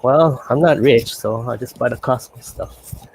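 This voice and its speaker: Chatty man with halting speech. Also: medium pitch, gravelly, breathy edge. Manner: chatty, halting, with many fillers. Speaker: stream guest. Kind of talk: casual live-stream chat.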